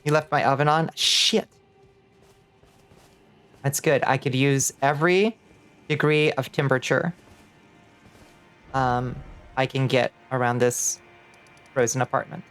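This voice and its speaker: A woman's voice: rumbling low, steady tone, measured pace, pauses often, faint music behind. A woman streaming a video game, chatting casually with her viewers, laughing often and thanking them as she plays.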